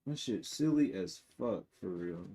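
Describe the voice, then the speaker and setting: A man giving a live-streamed tarot reading to his viewers. He is blunt and profane, and he swings between loud outbursts and low muttering asides. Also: animated, unhurried, slight background noise. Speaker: tarot reader.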